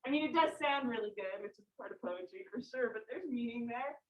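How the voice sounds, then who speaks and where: A woman's voice: a little high, lively intonation, brisk, muffled recording, a little hiss or hum. Casual woman teacher lecturing a class. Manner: casual, explains with many "like"s and questions to the class. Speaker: high school English teacher.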